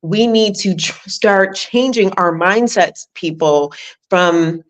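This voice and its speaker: A woman's voice: medium pitch, slow. A woman hosting an interview as a life coach, encouraging and reflective, speaking straight to her listeners. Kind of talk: conversational interview.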